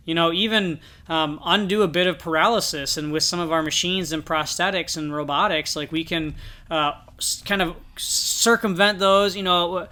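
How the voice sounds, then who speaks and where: A man's voice: on the high side, pushed and bright. A man co-hosting a podcast, earnestly reflecting in a casual Bible discussion. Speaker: podcast co-host.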